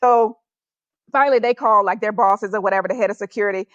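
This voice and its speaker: A woman's voice: mid-range voice, fast talker, dry recording. A woman guest on a podcast, animatedly telling a personal story and laughing often as she goes. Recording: slightly dull, dry recording.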